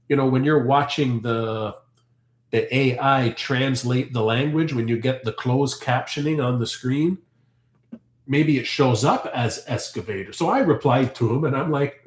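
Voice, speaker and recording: A Canadian man hosting a farm live stream, talking on and on as he answers viewer comments. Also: mid-range voice. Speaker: farm channel host. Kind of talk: casual live-stream chat. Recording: roomy echo.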